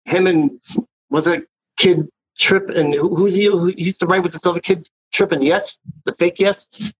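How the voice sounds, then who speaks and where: A graffiti writer, appearing as a guest in a casual interview, tells rambling stories in profane street talk, cursing and repeatedly saying "you know what I mean" among many other fillers. His voice is high-pitched and breathy-edged, with fairly even intonation and a normal pace. The audio sounds dull.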